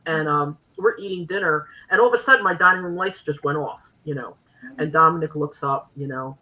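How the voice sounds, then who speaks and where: A woman in her sixties co-hosting a podcast, telling stories in an animated way and laughing often. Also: low-pitched, fairly quick. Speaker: co-host. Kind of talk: storytelling podcast chat. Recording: dull lo-fi recording.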